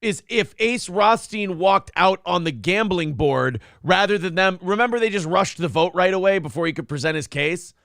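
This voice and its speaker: A man's voice: high-pitched, animated, moderate pace, few pauses, fairly bright tone, dry recording, studio quality. A man hosting a morning talk show, trading crude jokes and laughing often. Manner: laughs often, mocking, jokey. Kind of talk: crude comedic banter.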